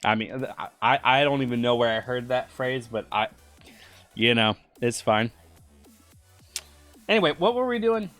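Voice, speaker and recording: A man streaming while he runs a tabletop game. He talks at a middle pitch and rambles off topic. He stumbles over words and restarts a lot, with faint music behind him. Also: lively intonation, normal speed, long pauses, a bit bright. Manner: rambling, stammering restarts, easily sidetracked.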